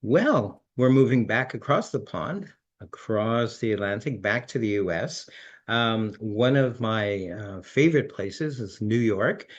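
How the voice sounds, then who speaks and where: A man's voice: on the low side, animated, unhurried. A man hosts a magic show over video, with a chatty, easygoing patter. He talks through introductions with a few fillers. The sound is a bit dull and muffled. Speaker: host. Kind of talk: hosting an online magic show.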